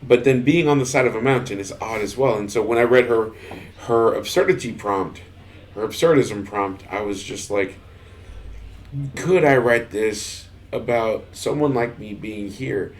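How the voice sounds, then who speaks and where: A man from Texas co-hosting a podcast, talking casually and haltingly, with frequent restarts and laughs as he tells stories. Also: on the low side, slight background noise. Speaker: podcast co-host. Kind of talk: casual chat.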